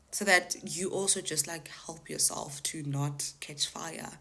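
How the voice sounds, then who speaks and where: A woman with a low-pitched voice tells a story in a chatty vlog monologue. She retells it with animation, acting out what each caller said. Her delivery is loose and conversational. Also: measured pace, few pauses, pushed and bright. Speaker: TikTok storyteller.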